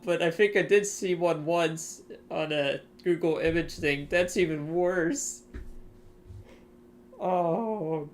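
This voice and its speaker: Game streamer, live-stream chat, slow easygoing talk, frequent chuckles, lots of ums, faint keyboard typing behind. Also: medium pitch. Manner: chuckles often, answers chat; rambling with many fillers.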